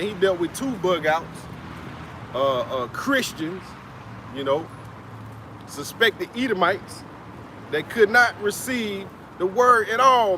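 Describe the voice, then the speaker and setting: A man with a notably high voice delivers an informal street sermon, talking in a relaxed, chatty way and often tacking on "man." He sounds like he is outdoors in a city, with faint traffic noise in the background. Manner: loose, conversational, peppers lines with "man", chuckles. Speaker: street preacher. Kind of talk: casual preaching talk. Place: outdoors in a city, Atlanta area.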